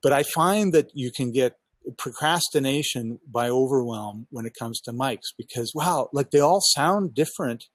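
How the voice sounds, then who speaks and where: A man coaching on podcasting in a casual chat over a headset mic, talking with lively enthusiasm and acting out his own thoughts. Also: mid-range voice, normal speed, no echo. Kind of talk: casual video call chat. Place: outdoors on a backyard balcony.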